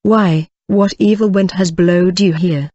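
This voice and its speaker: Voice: medium pitch, fairly even intonation, unhurried, darkish tone, dry recording, natural voice. A growling, savage housebreaker, short-tempered and coarse, as an audiobook reader puts him on. The recording is dull and lo-fi, and it is dry with almost no room sound. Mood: gruff. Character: brutal, surly adult male housebreaker.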